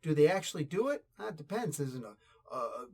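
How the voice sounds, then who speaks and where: A man's voice: a little high, very animated, moderate pace, a little mellow, breathy edge. A man hosting a casual comic book review, ranting in a blunt, crude and mocking way with bursts of laughter.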